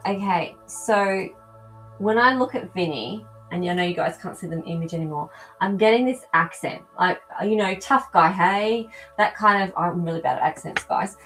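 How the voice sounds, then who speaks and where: A woman's voice: fairly low pitch, moderate pace, faint music behind, low-quality recording. A woman hosting a live animal communication show, talking casually to viewers and thinking aloud with many ums. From not from America. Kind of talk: live-stream reading for viewers.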